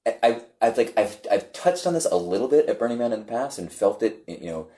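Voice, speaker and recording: A man telling a story in casual chat, lively, with many fillers and acted-out quotes. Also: mid-range voice, fast.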